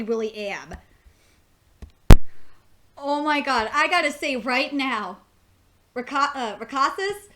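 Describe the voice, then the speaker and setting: A woman's voice: sits high, pushed and bright. A young woman reviewing an anime episode in casual chat, gushing and swearing a lot, often restarting her sentences.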